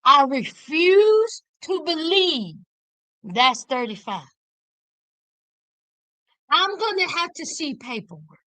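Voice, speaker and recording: Sassy high-voiced woman. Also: slow pace, pauses often, no echo. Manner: sassy, animated, Southern slang. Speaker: reality TV commentator. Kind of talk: casual reaction commentary.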